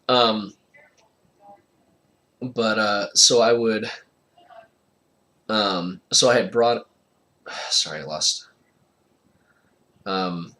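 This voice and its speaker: A man's voice: fairly low pitch, sharp tone. A young man telling a casual personal story, rambling with lots of fillers and frequent laughter.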